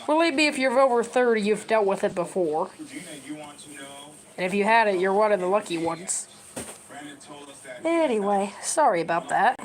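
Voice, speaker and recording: A woman's voice: medium pitch, expressive, moderate pace, long pauses, low-quality recording. Chatty woman rambling to her camera. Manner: chatty, advice-giving, rambling with restarts. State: tearful. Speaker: vlogger. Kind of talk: casual rambling talk to camera.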